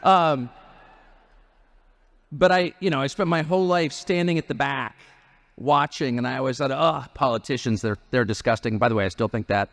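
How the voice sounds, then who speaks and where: A man's voice: fairly high pitch, moderate pace, pauses often. Wry joking man at a rally. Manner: wry, joking, conversational asides. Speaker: guest speaker at a political rally. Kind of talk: rally speech.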